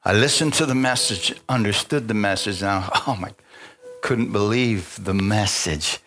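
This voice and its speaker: With a lowish, fairly bright voice and a measured pace, this man preaches in a call-and-response style, asking often for amens and laughing softly while he talks. Faint music plays behind him.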